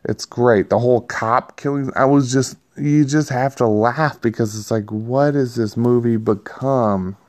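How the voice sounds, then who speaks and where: A man's voice: medium pitch, a little slow, hardly any pauses, a little mellow. A man giving a rambling, profane, self-amused movie review in a casual vlog. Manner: rambling, profane, laughs at himself.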